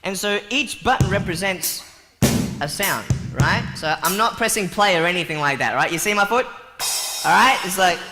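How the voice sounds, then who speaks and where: A man joking and telling stories to a live audience in a playful, animated way. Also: high-pitched, normal speed, music in the background. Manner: playful, jokey, animated storytelling. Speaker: motivational speaker. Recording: long hall reverb with faint noise.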